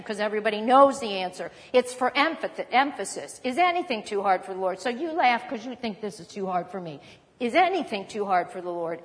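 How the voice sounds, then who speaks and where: A woman teaching a sermon, reading scripture aloud and breaking into conversational asides and rhetorical questions. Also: a little high. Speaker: Bible teacher. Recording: long reverb of a large hall.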